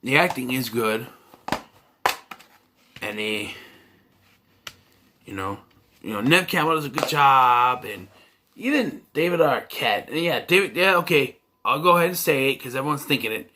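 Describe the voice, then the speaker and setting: A man's voice: mid-range voice, expressive, normal speed, pauses often, background noise. A man giving a casual, rambling movie review full of fillers and restarts.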